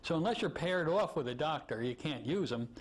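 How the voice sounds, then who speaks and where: Animated storytelling hypnosis instructor. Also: male voice, a little high, brisk. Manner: animated storyteller acting out voices. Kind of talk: anecdotal teaching talk.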